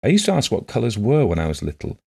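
A man reading the part of a gentle, shy blind woman who talks softly and earnestly in simple phrases. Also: lowish voice, huge pitch swings, quick pace, creaky, breathy edge, voice pushed up, full character voice.

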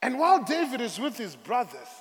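High-voiced emphatic preacher. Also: male voice, huge pitch swings. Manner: dramatic, emphatic, drawn-out phrasing. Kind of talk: sermon. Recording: echoey hall.

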